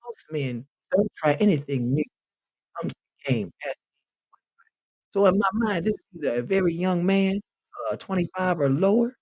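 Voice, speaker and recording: A man with a high-pitched speaking voice hosts a comedy segment, dishing out blunt, profane mock-medical diagnoses. His delivery is direct and unfiltered. He sounds close to the mic in a dry, dead space. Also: lively intonation, normal speed, a little mellow, no echo, poor audio. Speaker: podcast host. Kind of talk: comic advice bit reading messages aloud.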